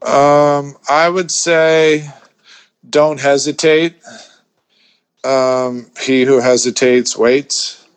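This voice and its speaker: A man's voice: medium pitch, fairly even intonation, very slow, pauses often, clean tone. A man telling a story as a podcast guest, rambling with lots of restarts and swearing freely. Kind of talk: casual storytelling chat.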